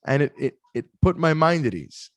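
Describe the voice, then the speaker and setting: A man telling animated stories in a casual interview, acting out other people's voices, with frequent restarts. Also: a little high, normal speed, no echo. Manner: animated storyteller, acts out quoted voices, many restarts. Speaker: interview guest, performer.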